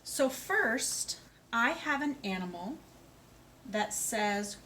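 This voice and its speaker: Slow, bright, sing-song woman teacher. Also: on the high side, expressive. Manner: slow, clear, sing-song and encouraging, with animal sounds. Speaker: speech therapist. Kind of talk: slow children's lesson.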